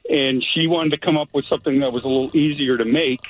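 Halting male caller on a phone line. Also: medium pitch, steady tone. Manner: halting, many fillers.

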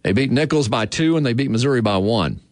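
A man's voice: medium pitch, animated, fast talker, no room sound, clean studio sound. A man hosting sports radio talk in an easygoing way, laughing often.

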